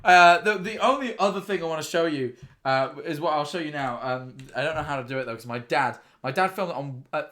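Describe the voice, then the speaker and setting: A young man streaming casually, reacting excitably and rambling through stories with restarts and swearing. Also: fairly high pitch, brisk, few pauses.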